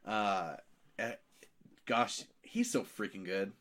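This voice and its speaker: A man's voice: lowish voice, slow pace, a bit bright. A man co-hosting a podcast, chatting casually and animatedly about a TV show, acting out lines and swearing freely. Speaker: podcast co-host. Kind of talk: casual chat recapping a TV show.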